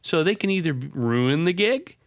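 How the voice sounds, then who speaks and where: A man co-hosting a casual podcast chat, playful and quick to laugh. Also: on the high side, expressive, no echo, clean studio sound. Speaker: podcast co-host.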